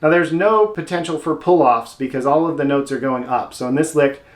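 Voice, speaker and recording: A man's voice: on the high side, brisk. Man teaching mandolin in a roomy space. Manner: friendly, explains step by step with playful asides. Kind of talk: instructional video lesson. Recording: roomy sound with loud mandolin playing. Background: mandolin playing.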